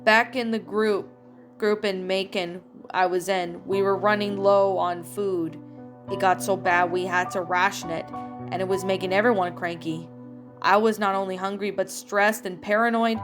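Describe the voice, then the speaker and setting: A woman's voice: medium pitch, fairly even intonation, moderate pace, natural voice. Tough grieving young survivor girl, read by a woman, choked up, little music under it. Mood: recounting. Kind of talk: reading fan fiction aloud.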